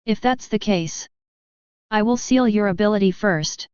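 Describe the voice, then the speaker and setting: A woman voicing a huge, irritable male sand beast that gloats and roars, in a smooth voice on dull lo-fi audio. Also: medium pitch, measured pace, darkish tone, no room sound, natural voice. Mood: irritated. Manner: gloating, roaring.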